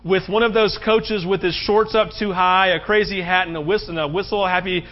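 A male pastor from the United States delivers a relaxed, conversational sermon. His voice sits high, and he leans on rhetorical questions to keep the crowd with him. The recording sounds a bit dull and muffled. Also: fairly quick.

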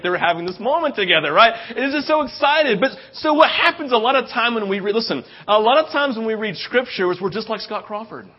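A middle-aged man preaching a sermon in a casual, story-driven way. He keeps checking in with "right?" and leaps into a loud, high voice when he quotes someone excited. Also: a little fast, hardly any pauses, lo-fi sound. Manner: conversational, keeps asking "right?". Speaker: pastor.

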